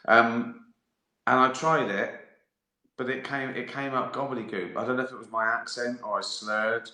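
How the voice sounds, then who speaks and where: A man with a fairly low voice and a sharp, bright edge chats casually on a livestream. He rambles and mocks himself, drifting from one tangent to the next. The sound is roomy, with noticeable echo. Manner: rambling and self-mocking, full of tangents. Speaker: comedian chatting live to viewers. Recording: roomy echoey room.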